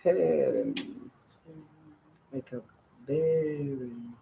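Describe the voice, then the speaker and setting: A man's voice: mid-range voice, sing-song, extremely slow, creaky, highs cut off, a little hiss or hum. A male student working through pronunciation drills, hesitant and repeating words.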